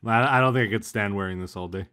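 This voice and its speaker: A man's voice: on the low side, fast, bright, forceful tone. A man chatting casually with dry jokes while playing a game over voice chat. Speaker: fellow player.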